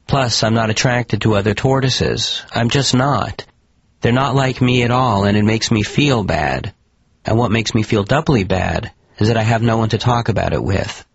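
A man's voice: on the low side, normal speed, vocal fry, breathy edge, dry recording, muffled recording. A man voicing a lonely, earnest male talking tortoise in a plaintive, confessional way.

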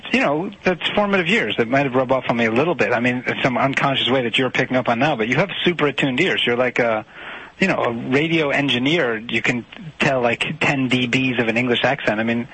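A man's voice: medium pitch, brisk, pushed and bright, breathy edge, poor audio. A man in a comedic sketch, defensively telling a story and slipping into a put-on, formal delivery. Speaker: storyteller being recorded.

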